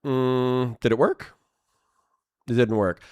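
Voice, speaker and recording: A man's voice: medium pitch, fairly even intonation, slow, a little mellow. A man livestreaming, talking straight to his chat audience, swearing freely and breaking into fits of laughter. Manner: giggly, profane, breaks into laughter often. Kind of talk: casual livestream reaction chat.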